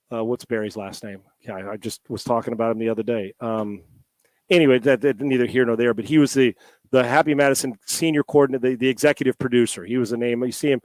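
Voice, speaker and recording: A middle-aged man, a former quarterback, telling a long story as a podcast guest from home on a headset mic. He talks in a lively, rambling way, with many restarts and the odd swear word. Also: medium pitch, no room sound. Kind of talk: storytelling in a casual interview.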